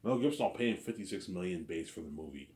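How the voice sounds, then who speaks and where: A man's voice: low-pitched, lively intonation, fast, a little mellow. A man rambling on in a casual monologue, repeating and restarting his phrases. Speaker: vlogger. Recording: echoey room.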